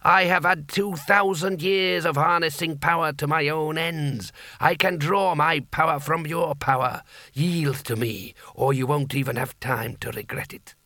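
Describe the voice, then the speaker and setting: A man voicing an ancient, menacing male sorcerer possessed by a hat, speaking slowly and commandingly. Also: a little high, steady tone, sharp tone, no echo. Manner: slow, measured, commanding.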